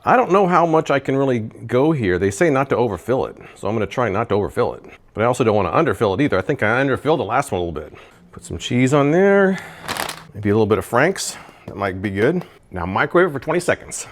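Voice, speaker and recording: A man's voice: mid-range voice, very animated, quick pace, slight background noise. A man chatting casually in a home kitchen as he tests and reviews kitchen gadgets, thinking aloud while he cooks. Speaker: product reviewer. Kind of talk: casual cooking review vlog.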